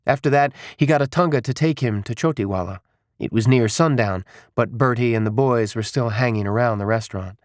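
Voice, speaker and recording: A man narrates an audiobook in a steady, even storytelling voice. His pitch sits in the middle for a man. He is recorded close with a dry sound and no room around it. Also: brisk, no echo. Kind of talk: scripted narration.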